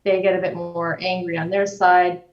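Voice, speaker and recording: A woman guest explaining the nervous system in a measured way, using everyday examples. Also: fairly low pitch, little pitch movement, soft background music. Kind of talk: explanatory conversation. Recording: roomy, distant, dull-sounding recording.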